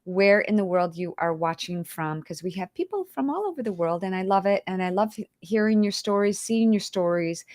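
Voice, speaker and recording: A woman's voice: mid-range voice, darkish tone, no echo, clean studio sound. A woman hosting a casual livestream, chatty and emotional, greeting viewers by name and holding back tears. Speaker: livestream host.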